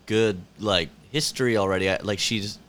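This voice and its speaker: A man's voice: on the low side, normal speed, fairly bright tone. A man in casual chat who chimes in often with enthusiasm.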